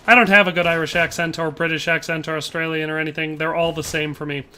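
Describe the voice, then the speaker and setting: Bright-voiced chatty male game streamer. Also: a little high, little pitch movement, fast talker, hardly any pauses, smooth. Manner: chatty, jokey, tries mock Irish accents. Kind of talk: casual live-stream commentary.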